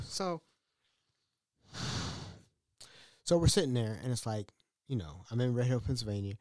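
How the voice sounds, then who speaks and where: A man hosting a podcast in a loose storytelling monologue. His pitch leaps and dips constantly as he acts out other people, breaking into laughs. The sound is close and dry. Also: lively intonation, slow pace, pauses often, dry recording. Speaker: podcast host.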